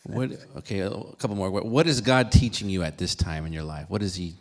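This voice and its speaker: A man interviewing his grandmother before a congregation, then speaking to them gently about faith. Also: low-pitched, animated, brisk. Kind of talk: church interview and sermon.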